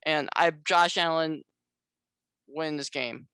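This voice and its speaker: High-voiced young man, dry sound. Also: fairly even intonation, sharp tone, clear, resonant tone, no room sound. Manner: halting, repeats himself, blunt opinions. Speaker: co-host. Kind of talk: casual sports picks chat.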